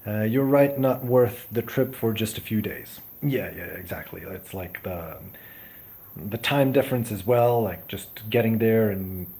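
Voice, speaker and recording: A young man from Serbia talks through a relaxed live stream, slow and unhurried, his voice pitched a little low. He stops and restarts often, thanking viewers warmly as he goes. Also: slight background noise. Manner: hesitant, many ums and restarts. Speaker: livestream host. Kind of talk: casual live chat reading viewer comments.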